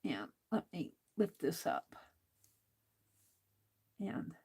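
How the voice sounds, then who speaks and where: A woman's voice: sits low, sing-song, vocal fry, dark tone, husky. A woman hosting a crafting livestream, chatting casually and talking to herself while she works. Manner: slow, chatty, talks to herself while working.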